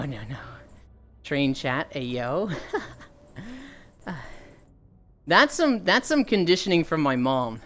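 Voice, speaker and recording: A young woman livestreaming while walking, telling stories animatedly, swearing freely and reading chat aloud. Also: deep voice.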